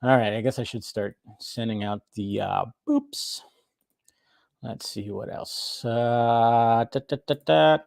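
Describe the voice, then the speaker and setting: A man hosts a relaxed live stream, chatting with friends and narrating what he is doing as he sets up. His voice sits at an everyday middle pitch. The sound is dry and close. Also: slow pace, creaky, no room sound. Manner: chatty, thinks aloud while setting up. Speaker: stream host. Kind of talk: casual live-stream chat.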